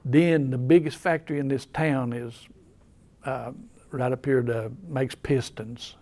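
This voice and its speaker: A man's voice: medium pitch, steady tone, unhurried, warm tone. An older man with an Appalachian accent, telling rambling, folksy stories in casual talk. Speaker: storyteller. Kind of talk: casual storytelling.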